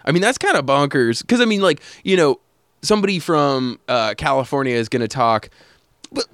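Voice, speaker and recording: A man's voice: mid-range voice, expressive, brisk, fairly bright tone, no echo. Casual podcast host, man, talks on the fly, dry close mic. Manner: rambling, with frequent fillers and laughs. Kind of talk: casual chat.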